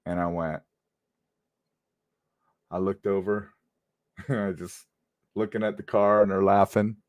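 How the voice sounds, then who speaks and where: A former police officer, now middle-aged, narrates an anecdote with lively, casual energy and addresses viewers directly. His voice is deep and his pace slow.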